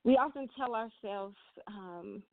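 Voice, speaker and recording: A woman's voice: medium pitch, measured pace, no room sound. Earnest woman, tinny phone-like sound. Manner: earnest, repeats and restarts phrases, gets emotional. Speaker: spiritual reader and host. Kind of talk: motivational spiritual talk.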